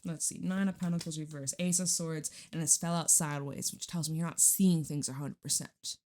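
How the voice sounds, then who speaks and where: A woman's voice: sits low, fairly even intonation, a little fast, darkish tone. Casual tarot lady at home on a mic, chatty and blunt, swears a lot. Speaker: tarot reader. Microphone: studio microphone.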